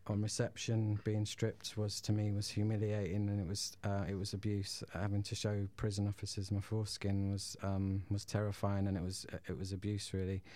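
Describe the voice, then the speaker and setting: A man's voice: on the low side, completely flat delivery, moderate pace, few pauses, dark tone. A man who is a guest on a radio show, telling his own story hesitantly, with many ums and restarts. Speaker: guest, former prisoner. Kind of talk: radio interview, personal story.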